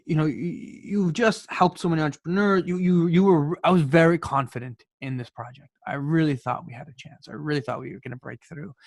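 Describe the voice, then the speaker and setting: A Canadian man in his twenties, a podcast guest telling his story in an animated way and often repeating words as he starts a sentence. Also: mid-range voice, vocal fry, no room sound. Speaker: podcast guest, youth speaker. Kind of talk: storytelling in conversation.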